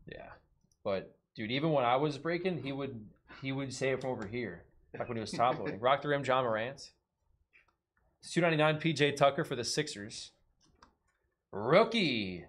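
A man's voice: medium pitch, brisk, fairly bright tone. A man hosting a live card break, rattling off card names and joking between pulls.

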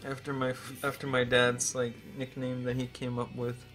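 A man in his twenties on a live stream, telling a rambling, profane story with great excitement. He is emotional and close to tears. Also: mid-range voice, moderate pace.

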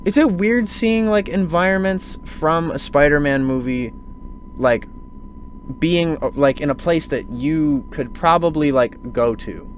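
A man hosting a casual podcast chat, animated and ranting, swearing freely. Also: on the high side, a little slow, a little hiss or hum. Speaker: podcast host.

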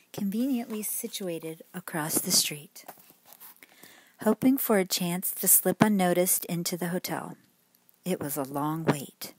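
A woman narrating a bedtime story in a soft, gentle voice that sometimes drops almost to a whisper. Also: fairly low pitch, no room sound.

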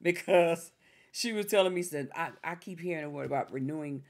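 A woman's voice: low voice, fairly quick, a little mellow. A woman co-hosting a faith talk show, preaching fervently and acting out God and the devil in her quotes. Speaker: ministry show co-host.

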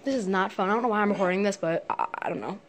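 A woman's voice: medium pitch, racing, background noise. Jittery, cursing young woman filming late at night. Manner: jittery, swears constantly, rambles nervously. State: scared and jumpy. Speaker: vlogger. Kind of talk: casual rambling phone vlog. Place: her bedroom at night.

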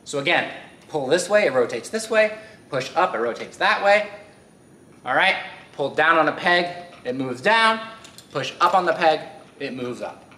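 A man's voice: fairly high pitch, lively intonation, normal speed, bright, forceful tone. A man explaining physics step by step as he demonstrates with a spinning wheel. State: a little out of breath. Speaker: physics teacher. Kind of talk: hands-on science demonstration. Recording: roomy echo, faint ambience.

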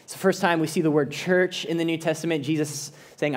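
A man's voice: a little high, fairly even intonation, fast. A man preaching a sermon as a pastor, earnest and conversational, often restarting his phrases.

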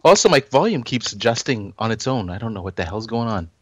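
A man's voice: fairly low pitch, big pitch swings, fast talker, dry recording. A man guest-hosting a gaming podcast, flustered and fumbling as he talks. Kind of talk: casual podcast chat.

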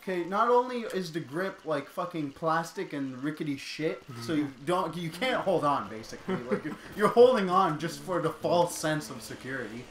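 A man's voice: a little high, expressive, normal speed, hardly any pauses. A young man telling a profane, laugh-filled story while playing a video game. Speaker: gaming channel co-host. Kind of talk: casual storytelling over gameplay. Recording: echoey room with game music. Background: video game music.

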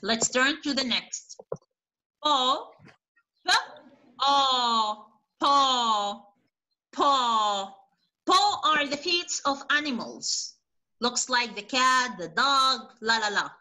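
A young woman teaching a spelling lesson to young children online, repeating each word slowly and patiently. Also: high voice, animated, sharp tone, low-quality recording.

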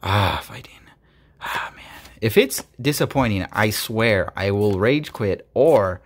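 A man hosting a casual card-opening video, excitable, swinging from quiet muttering to loud bursts, his voice going hoarse. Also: lowish voice, slow pace. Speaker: YouTube host opening trading cards.

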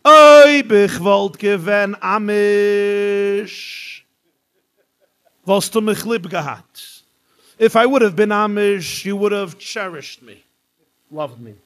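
A man voicing a calm bearded gentleman who answers in prim, overly formal diction. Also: high voice, measured pace, pitched above the performer's own voice. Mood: wry.

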